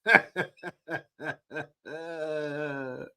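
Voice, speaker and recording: A man's voice: on the high side, fairly even intonation, extremely slow, bright, forceful tone, clear, resonant tone. A man hosting a livestream, joking crudely, laughing often and reading out viewer donations in casual commentary. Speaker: livestream host.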